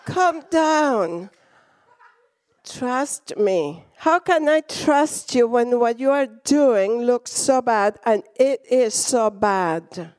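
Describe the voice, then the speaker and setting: High-voiced Latina woman preaching. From Latin America. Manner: animated storytelling, acts out quotes, laughs often. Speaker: guest preacher. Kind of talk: sermon with storytelling.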